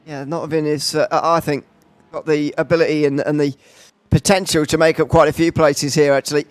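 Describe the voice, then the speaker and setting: A man's voice: a little high, level tone, brisk, dry recording. A man commentating a sim race live, calling overtakes with frequent uhs and restarts. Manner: filler-heavy play-by-play with frequent uhs.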